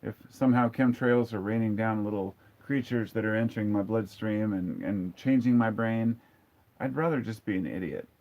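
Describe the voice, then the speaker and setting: A man's voice: fairly low pitch, normal speed, a little mellow. Blunt man in his forties, lo-fi. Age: 40s. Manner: candid, blunt, reads viewer comments aloud. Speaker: livestream host. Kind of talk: casual live-stream chat. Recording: dull lo-fi sound.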